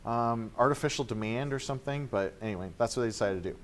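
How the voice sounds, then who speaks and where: A man's voice: mid-range voice, fast talker, a little hiss or hum. Chatty man lecturing a class. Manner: chatty, filler-heavy, acts out quoted reactions. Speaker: teacher.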